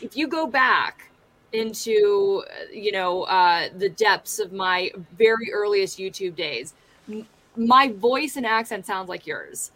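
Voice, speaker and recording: A woman's voice: medium pitch, expressive, slow pace, a bit bright. A woman from Pittsburgh with a Pittsburgh accent, a guest chatting casually in an interview, friendly and reflective. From Pittsburgh, USA. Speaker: guest, YouTuber.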